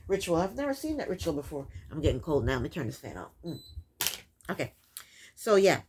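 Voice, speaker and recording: A woman casually recapping a reality TV episode from home, sassy and chatty, laughing at what she sees. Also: mid-range voice. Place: at home, fan running nearby.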